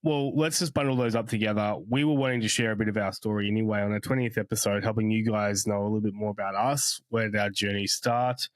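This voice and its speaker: A man's voice: fairly low pitch, fairly even intonation, quick pace, few pauses, no echo. A man co-hosting a podcast in casual chat, easygoing, relaying listener questions and adding short interjections. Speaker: podcast co-host.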